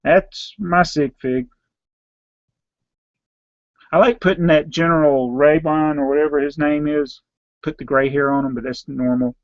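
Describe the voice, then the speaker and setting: A man with a Southern US accent, a slightly hoarse YouTube host who reads out viewer names and questions and answers them in a rambling, offhand way. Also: fairly high pitch, steady tone, a little fast, no echo, lo-fi sound. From Southern United States. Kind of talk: casual live Q&A.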